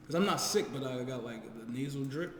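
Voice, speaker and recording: A man's voice: mid-range voice, a little fast, noisy background. A man co-hosting a podcast, talking casually and emphatically with plenty of swearing. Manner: animated, emphatic, profane. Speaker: podcast co-host. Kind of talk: casual chat. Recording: echoey room with long reverb.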